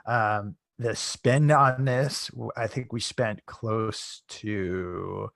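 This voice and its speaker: A man's voice: lowish voice, fairly even intonation, drawn-out words, gravelly, a bit bright, no room sound. A man presenting a casual live webinar, chatty, often tagging his sentences with "right?".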